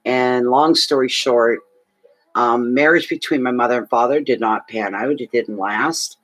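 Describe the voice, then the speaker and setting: A man's voice: medium pitch, fairly even intonation, normal speed, fairly bright tone. A man from Canada chatting casually on a livestream as a fortune reader, emotional, thanking viewers and talking to his dog.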